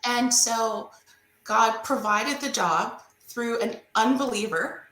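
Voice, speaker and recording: A woman's voice: a little high, slow pace, a bit bright. Woman sharing a faith story, earnest, kinda echoey room. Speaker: guest. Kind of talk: faith testimony and teaching.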